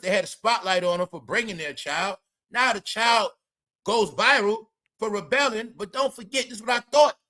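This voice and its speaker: High-voiced animated male commentator. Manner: animated, profane, rambling. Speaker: commentary show host. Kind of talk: casual reaction commentary.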